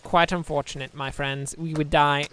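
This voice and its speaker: A man's voice: a little high, flat delivery, normal speed, fairly bright tone, slight background noise. A man giving rambling, joking let's-play commentary, chatting to viewers with self-deprecating asides. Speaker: gameplay commentator.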